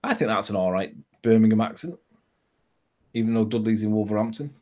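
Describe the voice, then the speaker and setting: A man with a Scouse accent from Liverpool, chatting casually on an online video call, mocking and quick to laugh. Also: fairly low pitch, darkish tone. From Liverpool, England.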